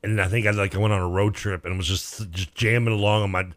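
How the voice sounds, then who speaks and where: A man co-hosting a sports talk radio show in relaxed, joking banter on a studio microphone. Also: fairly low pitch, fast, no echo. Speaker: radio co-host.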